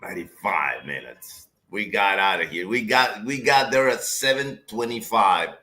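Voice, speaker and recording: A man with a tired, hoarse voice, telling a story in a casual chat as a guest commentator and repeating his words as he goes. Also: lowish voice, moderate pace. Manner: animated storyteller, repeats words, calls listener brother.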